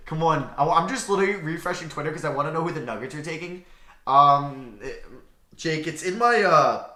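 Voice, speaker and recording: Young male streamer, excitable live-reaction host; bright, lively delivery, roomy echo. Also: mid-range voice. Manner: excitable, swings between shouting and muttering while reading chat. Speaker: livestream host.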